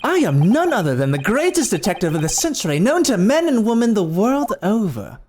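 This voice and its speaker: A man voicing a pompous, boastful gentleman detective from a game, talking in a grandiose, theatrical way. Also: high voice, huge pitch swings, a little fast, exaggerated voice. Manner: grandiose, theatrical, self-assured. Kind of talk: reading game dialogue aloud. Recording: game music playing behind.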